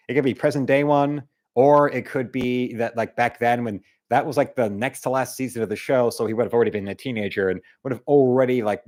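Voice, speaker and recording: A man's voice: medium pitch, darkish tone. A man hosting a live stream, chatting casually and reading viewer comments in a rambling way. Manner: rambling, with many fillers and restarts.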